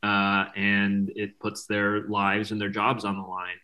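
Bright-voiced male filmmaker guest. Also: fairly low pitch, completely flat delivery. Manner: measured, explaining carefully with fillers. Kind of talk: interview answers.

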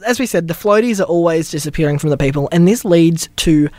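A man's voice: on the high side, expressive, quick pace, darkish tone, no echo. A man co-hosting a podcast, laid-back and joking as he recaps events in casual chat. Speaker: podcast co-host.

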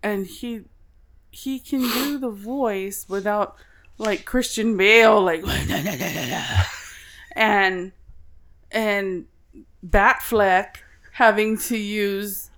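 A woman's voice: medium pitch, very slow, long pauses. A woman co-hosting a podcast in casual chat, swearing freely and laughing often. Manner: swears a lot, lively storytelling, laughs often. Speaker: podcast co-host.

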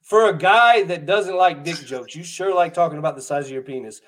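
A man's voice: a little high, fairly quick. A man co-hosting a podcast, teasing his friend with playful mock outrage. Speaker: podcast co-host. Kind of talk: casual podcast banter.

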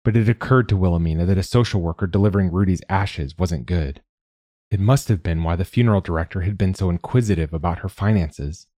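Deep, mellow male audiobook narrator. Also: no echo, clean studio sound. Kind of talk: scripted narration.

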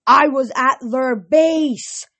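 A woman's voice: medium pitch, moderate pace, warm tone, husky. A woman doing a fierce short-tempered warrior girl. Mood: furious. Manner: bellowing, furious.

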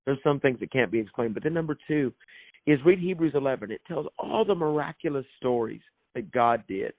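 A man's voice: mid-range voice, lively intonation, a little fast, dry recording. Man, minister, emphatic preacherly delivery, repeats phrases, tinny phone-like sound, dry. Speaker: author and minister. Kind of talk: guest telling a faith story in a preaching tone.

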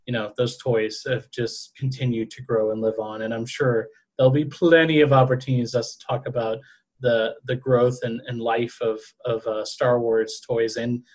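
A man's voice: mid-range voice, level tone, normal speed, a little mellow. New orleans guy in his 30s, podcast cohost, chatty, lots of ums and restarts. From New Orleans, Louisiana. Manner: chatty, with frequent fillers and restarts. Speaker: podcast co-host. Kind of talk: casual podcast chat.

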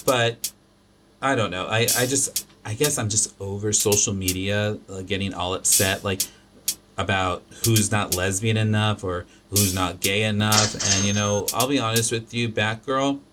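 A man's voice: fairly low pitch, fairly even intonation, unhurried, music in the background. A man hosting a podcast, talking through his opinions in a loose, rambling way, full of restarts and fillers. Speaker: podcast host. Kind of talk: casual opinionated chat.

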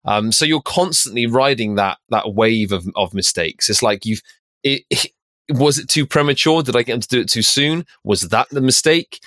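A man's voice: mid-range voice, expressive, moderate pace, fairly bright tone, dry recording, clean studio sound. A man co-hosting a podcast, talking through an idea in a reflective way and thinking aloud with questions to himself. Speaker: podcast co-host. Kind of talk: casual conversational discussion.

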